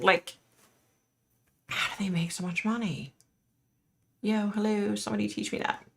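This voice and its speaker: A woman's voice: lowish voice, bright, forceful tone. A middle-aged woman, a psychic medium, hosting a casual live stream and chatting frankly with her viewers, full of "like" and "you know".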